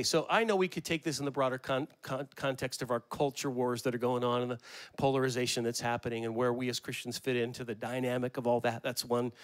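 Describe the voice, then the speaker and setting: A middle-aged male pastor giving a conversational, animated sermon, asking rhetorical questions and acting out quotes. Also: mid-range voice.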